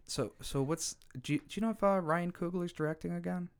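A man co-hosting a casual podcast chat about movies, excitable and swearing freely. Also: sits high, brisk, clean tone. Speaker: podcast co-host.

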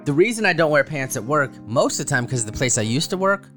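Animated storytelling man on a podcast. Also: fast talker, over music. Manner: animated storyteller, jumps high when acting out quotes; swears freely. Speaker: podcast co-host. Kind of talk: casual chat.

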